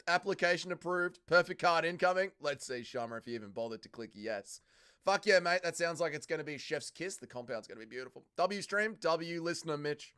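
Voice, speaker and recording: A male livestream host with a smooth, clear voice that sits a little high for a man. He chats casually through a watch-along, reading out viewer comments and firing back crude, swearing banter. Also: fairly quick, fairly bright tone. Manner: casual, swears freely, calls people mate. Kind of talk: casual live-stream watch-along chat.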